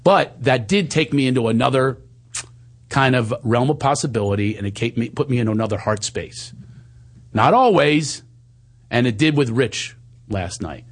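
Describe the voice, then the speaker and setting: A man talks through a personal story candidly and with animation in conversation, moving at a moderate pace. Now and then he quotes himself in higher voices, and for tender moments he becomes low and soft.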